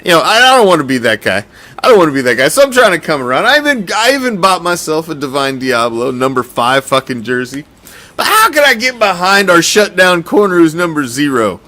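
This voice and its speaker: A man hosting a casual sports commentary show, talking in an animated, profane, rambling way. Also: fairly high pitch, a little fast. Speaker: host.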